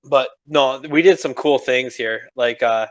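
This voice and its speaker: A young man chats loosely on a podcast, rambling from one thought to the next and swearing as he goes. His voice sits in a middle pitch, a little strained from recent screaming, and he laughs often. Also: unhurried, highs cut off. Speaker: podcast co-host. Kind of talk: casual chat.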